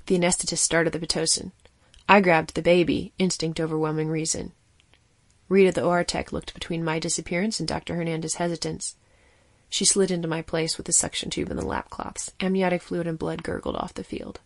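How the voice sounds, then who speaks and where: A woman giving steady, vivid scripted narration of a fiction story. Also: deep voice, a little fast, vocal fry, no echo.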